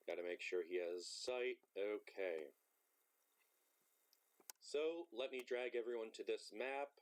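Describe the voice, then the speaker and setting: A man's voice: fairly low pitch, slow pace. A man acting as game master in an online tabletop game, talking casually and swearing freely.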